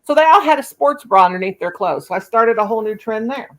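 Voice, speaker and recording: A woman's voice: fairly high pitch, animated, fast. A woman, hosting a livestream and telling stories in a chatty, folksy way, full of endearments. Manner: chatty, folksy, uses endearments like baby doll and sugar. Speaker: channel host. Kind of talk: casual storytelling on a livestream.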